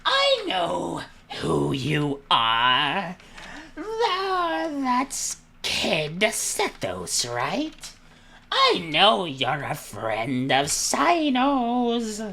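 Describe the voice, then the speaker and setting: Man doing a shrill squealing girl merchant. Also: wildly swooping pitch, gravelly, bright, forceful tone, slight background noise, exaggerated voice. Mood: accusing. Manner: squealing, drawn-out, accusing. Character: shrill excitable young female desert merchant. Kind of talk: reading game dialogue aloud in voices.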